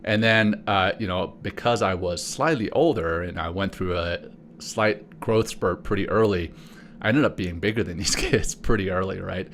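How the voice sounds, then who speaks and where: A man's voice: deep voice, moderate pace, a bit bright, a little hiss or hum. A middle-aged man from South Africa, co-hosting a podcast and telling a personal story in a conversational way. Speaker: podcast co-host. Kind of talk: casual podcast chat.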